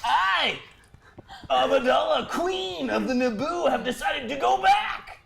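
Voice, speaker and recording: A man's voice: very high voice, expressive, slow, vocal fry, a bit bright, exaggerated voice. A man voicing a regal, foul-mouthed young queen in a comic script read-through, declaiming grandly and swearing. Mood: defiant.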